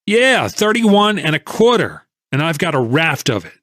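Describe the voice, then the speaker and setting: A man reading an audiobook voices a furious male stock trader who shouts angry accusations. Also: fairly high pitch, animated, normal speed, no echo, studio quality, voice pushed up.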